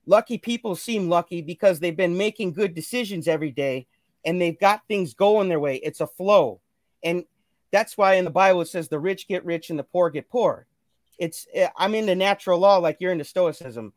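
Speaking as a guest on a live stream, a high-voiced man preaches self-love and good decisions at a moderate pace. His casual motivational chat is earnest and preachy, with repeated phrases. The recording is dry and clean, studio quality.

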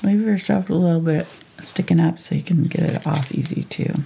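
A woman teaching a live painting tutorial step by step, thinking aloud as she works in a relaxed, chatty way. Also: lowish voice, brisk, creaky, a little hiss or hum. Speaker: painting instructor.

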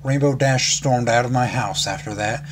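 A man reads a fan fiction story aloud in a casual, unpolished way, tripping over words now and then. His voice sits at an ordinary male pitch. A steady hiss of background noise sits under the recording. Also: normal speed. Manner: casual reading with slips and laughs.

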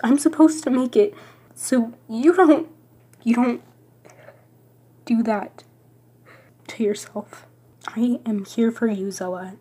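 Woman playing a soft, insistent loyal friend, husky and high. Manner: gentle, insistent and reassuring. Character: caring young woman, loyal best friend.

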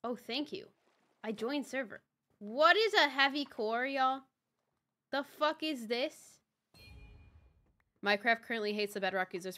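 A woman's voice: a little high, expressive, moderate pace, long pauses, pushed and bright. A young woman livestreaming a game, chatting casually, exclaiming and repeating herself, swearing when things break, and greeting chatters by name. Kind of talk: casual live-stream chat while gaming.

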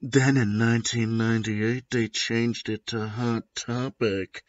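A man voicing a brooding young goth dark lord, speaking in a low secretive murmur. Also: fairly even intonation, slow, dry recording, dull audio, natural voice.

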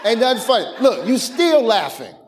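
A man preaching a sermon as pastor, animated, with call-and-response, laughter and shouted lines, in informal speech full of restarts and repetitions. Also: very high voice, normal speed, some chatter behind, a little hiss or hum.

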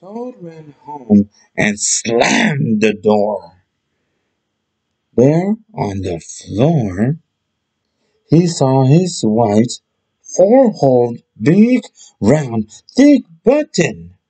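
A man reads a children's bedtime story very slowly and deliberately. His pitch rises and falls a lot as he tells it, giving the telling an expressive, lively lilt. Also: breathy edge, low-quality recording.

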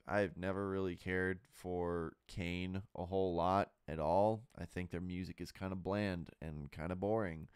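A podcast host with a deep, clear, resonant voice gives candid, rambling opinions in a casual solo monologue packed with fillers and restarts, burping and hiccuping along the way. The studio sound is clean with no echo.

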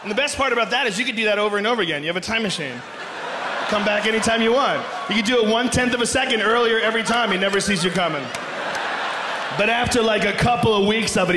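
A man doing live stand-up comedy, ranting loudly and animatedly with lots of profanity. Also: sits high. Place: large theater stage. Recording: echoey hall with audience noise.

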